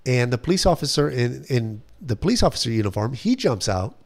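A man, a missionary, telling a personal story in a lively way, acting out what others said and laughing at himself. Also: medium pitch, fairly quick. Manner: animated retelling, acts out quoted voices, laughs at himself.

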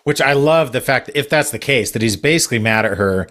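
A man's voice: mid-range voice, lively intonation, fast, fairly bright tone. A man co-hosting a podcast in casual chat, tossing in wry jokes. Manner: wry, jokey interjections. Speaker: podcast co-host.

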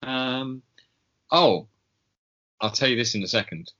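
A medium-pitched man co-hosting a casual podcast speaks slowly, his tone fairly bright. He rambles and hesitates with plenty of ums, laughing a little now and then. The recording sounds dull and lo-fi.

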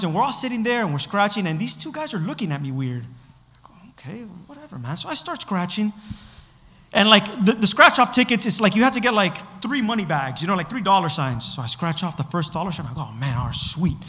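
Young man preaching, high and bright voice, animated; church hall reverb. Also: brisk. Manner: animated storytelling, shifts from hushed to shouting. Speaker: pastor. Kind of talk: sermon.

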